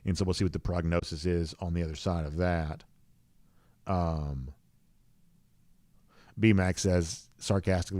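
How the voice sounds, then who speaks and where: A man's voice: deep voice, fairly even intonation, unhurried, pauses often, a little mellow, no room sound. A man hosts a live show, reading viewer comments in an easygoing, rambling way with many fillers. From rural US South. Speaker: podcast host.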